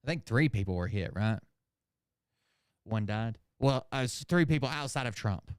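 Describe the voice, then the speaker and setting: A man's voice: medium pitch, lively intonation, moderate pace, smooth, no room sound, studio quality. A man hosting a casual commentary show, reading emails aloud with sarcasm and swearing. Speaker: host.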